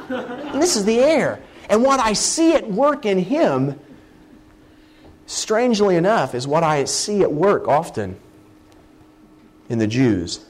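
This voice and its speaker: Brief: middle-aged man delivering a lively sermon, exclaiming and acting things out, lively pitch. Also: slow, pauses often. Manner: animated, exclaiming, acts out scenes. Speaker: preacher.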